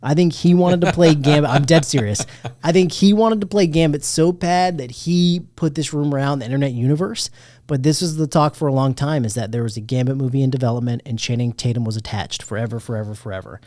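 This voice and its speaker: A man in his thirties hosting a podcast, chatting casually about a movie, animated and jokey, with plenty of swearing. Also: mid-range voice, quick pace, no echo, clean studio sound. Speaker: podcast host. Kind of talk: casual movie review chat.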